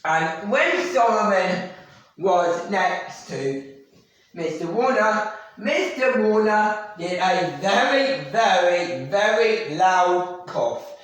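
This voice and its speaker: A man's voice: sits high, animated, takes it slowly, fairly bright tone. A man animatedly telling a rambling story about himself in the third person, filmed by someone else. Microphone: camera filmed by someone else. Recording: very echoey room, mic far off.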